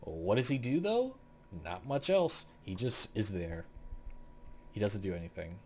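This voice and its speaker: Young adult male host, low-ish voice with animated pitch, rambling and opinionated, casual gaming chat. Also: unhurried, slight background noise. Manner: rambling, blunt and opinionated, swears freely. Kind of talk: casual tier-list commentary.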